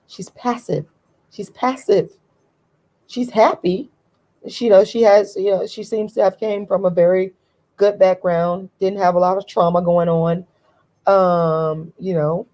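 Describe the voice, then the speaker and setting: Her voice is fairly low and darkish, captured in a rough recording. Lounging back and sounding worn out from a long day, this woman hosts her own casual opinion vlog, driving points home emphatically by saying them again.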